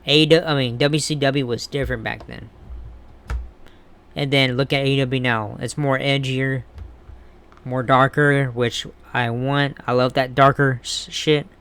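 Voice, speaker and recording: A man's voice: medium pitch, fairly even intonation, measured pace, fairly bright tone, smooth. A man ranting bluntly and with heavy swearing in a casual wrestling commentary vlog. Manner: blunt, profane, heated ranting.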